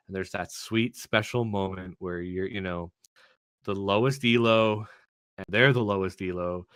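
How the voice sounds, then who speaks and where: A man co-hosting a gaming podcast, telling relaxed stories and slipping into mock-formal asides. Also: lowish voice, no echo, clean studio sound. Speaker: podcast co-host. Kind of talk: casual chat.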